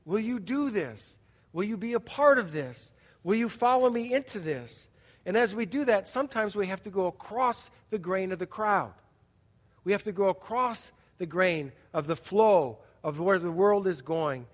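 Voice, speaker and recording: A man preaches from the pulpit with a fairly high voice, turning his sermon into a relaxed story and checking in with the congregation as he goes. His words ring out with a long reverb through a large church sanctuary. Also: normal speed. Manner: conversational storytelling with audience asides. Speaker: pastor.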